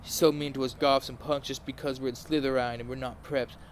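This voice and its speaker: A man's voice: medium pitch, level tone, fairly quick, a little hiss or hum, lightly acted. Brooding goth teen boy, read by a man, secretive, mock-earnest, mid-range voice.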